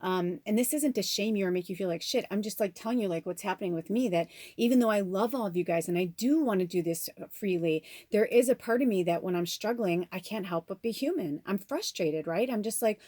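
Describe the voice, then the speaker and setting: Female tarot vlogger, candid and emotional, middle pitch, dry sound. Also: a little fast, hardly any pauses, dark tone, dry recording. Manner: candid and emotional, swears freely. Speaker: tarot reader and channel host. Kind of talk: casual spiritual vlog monologue.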